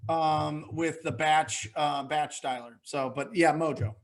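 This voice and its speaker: High-voiced energetic male real estate coach. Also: a little slow, gravelly. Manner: energetic, motivational, repeats phrases for emphasis. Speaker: real estate wholesaling mentor, webinar guest. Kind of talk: webinar Q&A coaching.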